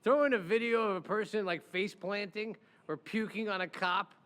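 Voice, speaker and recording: Male host, smooth and resonant, animated storyteller, talking in a room with long reverb. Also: sits high, moderate pace. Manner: animated, acts out quoted voices. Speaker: podcast host, defense lawyer. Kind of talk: casual storytelling chat.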